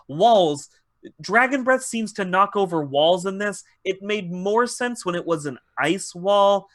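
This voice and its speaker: A man's voice: sits high, lively intonation, unhurried, fairly bright tone. A man hosting a podcast, casually retelling a TV episode in a rambling, profane way and acting out the characters' lines. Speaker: podcast host.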